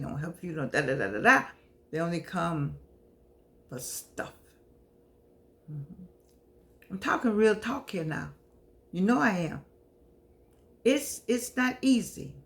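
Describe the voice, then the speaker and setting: An older woman, a professor hosting her own show, talking emotionally and preachily to camera, repeating herself, calling on the Lord, and near tears. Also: on the low side. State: teary. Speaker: show host and humanities professor. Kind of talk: casual heartfelt monologue to camera.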